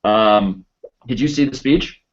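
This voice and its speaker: Man, podcast host, casual chat, deep-ish voice, halting with fillers, dull lo-fi sound. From United States. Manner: halting, many fillers and restarts. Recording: dull lo-fi recording.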